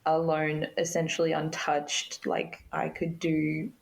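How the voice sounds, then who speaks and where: Low, gravelly woman. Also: monotone, takes it slowly, poor audio. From Australia. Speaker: podcast guest. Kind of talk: personal storytelling interview.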